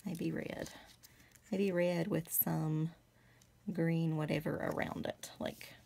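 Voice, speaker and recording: Low gravelly-voiced woman chatting while crafting. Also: level tone, slow pace, slight background noise. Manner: rambling, chatty, many fillers, soft asides. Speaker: craft vlogger. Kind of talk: casual crafting chat.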